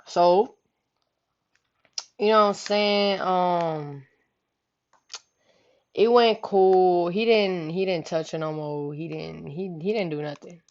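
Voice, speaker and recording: Gravelly low-voiced young woman, lo-fi. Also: takes it slowly, a little mellow. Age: young adult. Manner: profane, rambling, keeps asking "you know what I'm saying". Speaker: vlogger. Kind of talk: casual storytelling.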